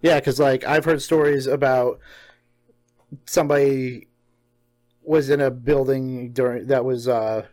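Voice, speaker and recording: A relaxed man chatting casually as a co-host, reacting to his partner and adding his own thoughts. His voice sits at an average pitch, and the recording is dry with no room sound. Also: measured pace, long pauses, no room sound. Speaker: podcast co-host. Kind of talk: casual chat.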